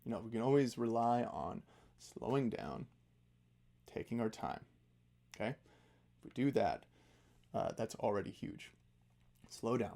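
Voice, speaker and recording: A male music teacher giving a relaxed, conversational spoken lesson, often checking in with "right?". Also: medium pitch, gravelly. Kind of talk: casual spoken lesson on mindful practice.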